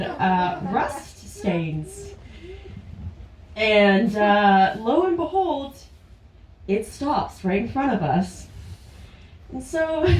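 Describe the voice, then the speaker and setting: With a mellow, mid-range voice, a woman from Ontario, Canada recounts something that really happened to her, live on an indoor stage at a small venue. She's chatty and keeps laughing through her words, heard in roomy, distant live sound.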